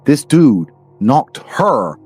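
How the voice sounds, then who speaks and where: A man's voice: medium pitch, very animated, very slow, a little mellow, faint music behind. A man with a British accent, a podcast guest telling blunt, profane stories and ranting emphatically. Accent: British English. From England.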